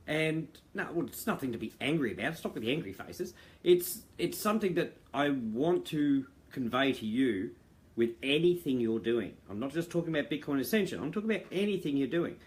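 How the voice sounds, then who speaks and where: A man's voice: medium pitch, lively intonation, fairly quick. A middle-aged man talking earnestly to members on a video call, rambling with fillers and restarts. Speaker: founder addressing members. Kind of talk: casual monologue to viewers. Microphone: video call mic.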